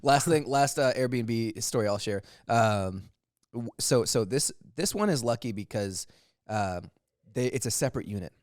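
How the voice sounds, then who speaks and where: Lively, animated man telling stories. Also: mid-range voice, unhurried, dry recording, clean studio sound. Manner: rambling anecdotes with frequent laughs and restarts. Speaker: comedy podcast co-host. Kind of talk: casual chat, comic storytelling.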